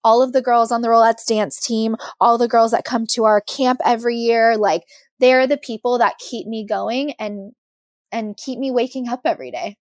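A woman's voice: fairly high pitch, steady tone, moderate pace, no room sound, clean studio sound. A young woman guest on a podcast, candidly and animatedly telling a personal story with many fillers.

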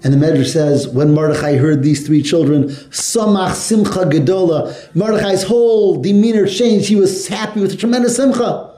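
High-voiced man teaching a class. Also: moderate pace, few pauses, reverberant. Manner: animated, asks the class questions, mixes Hebrew and Yiddish terms. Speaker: Torah teacher. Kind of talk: classroom lesson storytelling.

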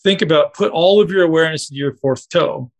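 A man's voice: on the high side, fast talker. A man coaching a group on a call, talking casually and directly to his listeners.

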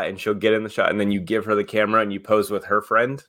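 Male co-host, low voice, blunt, swears freely, dry close sound. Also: fairly even intonation, quick pace, pushed and bright, no echo. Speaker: podcast co-host. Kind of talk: casual chat.

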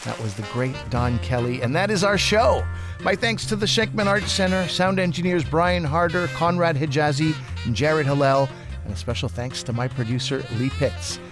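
Male radio comedy host, somewhat high voice, relaxed scripted outro over a music bed. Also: normal speed, crowd noise.

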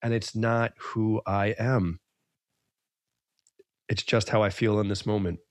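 A man's voice: lowish voice, steady tone, slow pace, dry recording. A man hosting a podcast, talking in an earnest, emphatic way and circling back over his points. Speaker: podcast host. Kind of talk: casual podcast conversation.

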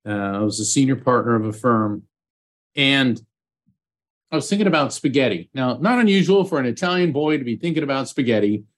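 A man's voice: medium pitch, expressive, a little fast. A man, a psychic medium being interviewed as a guest, telling a personal story in an earnest, heartfelt way.

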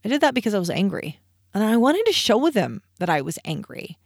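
Woman podcast host, thirties, chatty and candid, asks herself questions, dead dry room, mid-pitched. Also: very animated, a little fast, creaky, slightly rough, no echo. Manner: candid and conversational, with rhetorical questions answered herself. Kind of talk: parenting podcast monologue.

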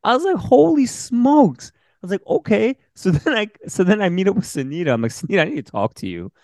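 Animated storytelling man, dry close sound. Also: high voice, racing, no room sound. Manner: animated, acts out quoted voices. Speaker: senior pastor and podcast host. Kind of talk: casual interview storytelling.

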